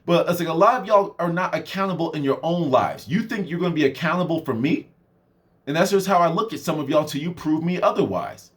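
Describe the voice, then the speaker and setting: A man's voice: on the high side, fairly quick. A man talking casually in a motivational vlog, rambling, laughing often and acting out the people he quotes. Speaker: motivational vlogger and mentor.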